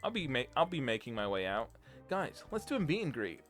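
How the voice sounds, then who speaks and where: A man's voice: mid-range voice, very animated, brisk, fairly bright tone, soft background music. A young British man, a streamer, rambling through a casual chat and laughing often. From Britain.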